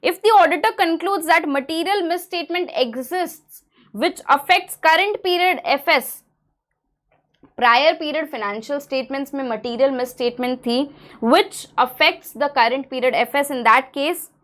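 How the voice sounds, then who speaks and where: A woman's voice: high-pitched, moderate pace, a bit bright. A young Indian woman with an Indian English accent giving an exam-prep audit lecture, switching between English and Hindi as she explains. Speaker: audit teacher.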